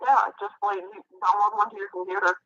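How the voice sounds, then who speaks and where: A woman guest in casual chat, teasing and affectionate with quick asides. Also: mid-range voice, little pitch movement, a bit bright, no room sound. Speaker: guest artist. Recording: dry, tinny call audio.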